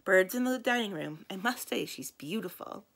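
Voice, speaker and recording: A woman voicing a calm, matter-of-fact mother, in plain conversational tones, in a storybook read-aloud. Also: mid-range voice, moderate pace, vocal fry.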